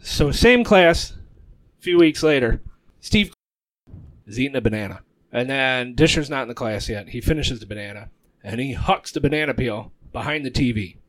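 A man in his thirties on a podcast, telling school stories casually, laughing loudly and acting out the voices. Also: mid-range voice, moderate pace, dry recording. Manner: animated storyteller who acts out quotes and laughs loudly. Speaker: podcast co-host. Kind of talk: casual chat, storytelling.

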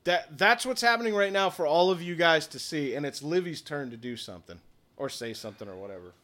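A man with a bright, slightly high voice narrates as the game master of a tabletop game. He lays out the action plainly and descriptively, turn by turn. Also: animated, a little fast. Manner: descriptive, matter-of-fact scene narration.

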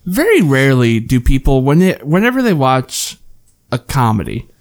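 A young woman with a very low voice chatting with friends. Her pitch swings a lot, and she swears freely and leaps high when quoting clips. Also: very animated, moderate pace, darkish tone. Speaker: podcast co-host. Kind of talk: casual chat.

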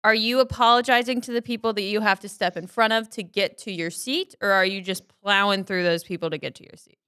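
A woman co-hosting a podcast, lively and blunt, swearing casually as she asks questions. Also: medium pitch, fairly quick, smooth. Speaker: podcast co-host.

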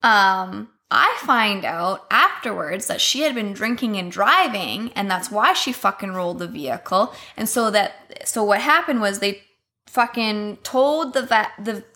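A woman with a mid-range, sharp-toned voice and lively intonation speaks a little slowly. She's a podcast guest telling a personal story casually, candid and profane and packed with filler words.

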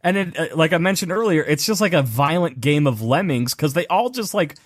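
Man, lively swooping pitch, casual profane movie chat, dry close mic. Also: fairly quick, husky, dry recording. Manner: animated, profane, swears for emphasis. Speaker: podcast co-host.

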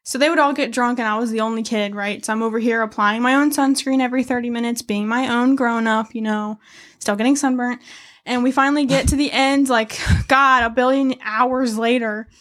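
A woman's voice: a little high, fairly even intonation, brisk, a bit bright. A young woman co-hosting a podcast, telling childhood stories in casual chat and laughing often. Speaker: podcast co-host.

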